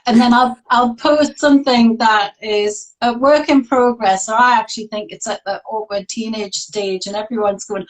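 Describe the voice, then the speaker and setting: A woman who teaches art and coaches, hosting a relaxed chat on a video call and laughing often. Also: on the high side, normal speed, few pauses, low-quality recording. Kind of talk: casual conversation.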